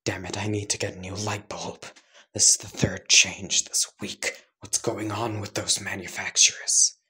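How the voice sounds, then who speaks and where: A man voicing a fat, scheming, smooth-talking male crime boss in a drawn-out, coaxing whisper, as whispered role-play. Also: lowish voice, little pitch movement, pushed and bright, heavily acted. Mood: grumbling.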